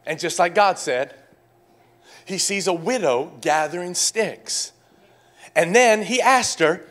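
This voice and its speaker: A man preaching a sermon to his congregation, swinging from loud, animated calls to quiet, hushed pleading. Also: sits high, unhurried. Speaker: pastor.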